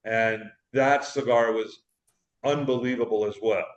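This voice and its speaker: A man's voice: mid-range voice, fairly even intonation, unhurried, reverberant, lo-fi sound. A man, a cigar shop owner, calling in by video, telling a rambling story and repeating himself. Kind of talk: casual chat. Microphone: video call.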